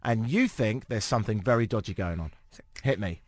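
A man's voice: lowish voice, lively intonation, brisk, no echo. Wry British man telling stories on radio. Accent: British English. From Britain. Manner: wry, self-mocking anecdotes with acted-out quotes. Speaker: radio show host. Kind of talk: casual radio chat, storytelling.

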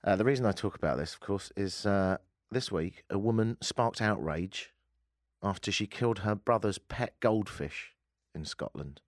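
A man's voice: fairly low pitch, normal speed, dry recording, clean studio sound. A man hosting a casual radio talk show, joking and slipping into silly voices for bits. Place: radio studio.

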